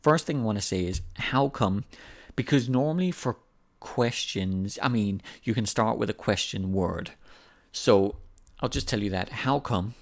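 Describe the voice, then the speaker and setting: A man's voice: fairly low pitch, unhurried. A man teaching an English lesson in a casual, patient way, repeating examples to explain them. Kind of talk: language lesson.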